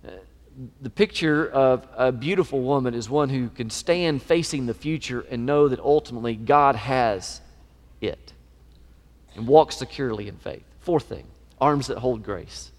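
A middle-aged man preaching a sermon, emphatic and animated, his voice swelling in pitch and volume. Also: unhurried. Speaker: pastor. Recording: long reverb of a large hall.

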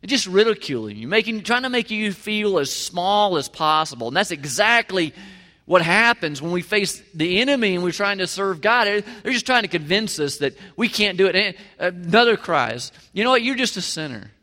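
Recorded with the long reverb of a large hall, a pastor gives a church sermon in a conversational, emphatic manner, regularly questioning his audience. He has a high, sharp voice, animated in delivery and moderate in pace.

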